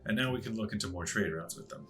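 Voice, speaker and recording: A man's voice: on the low side, fast, fairly bright tone, faint music behind. A man casually thinking aloud as he plays a strategy game, musing to himself as he clicks through menus. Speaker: gaming channel host.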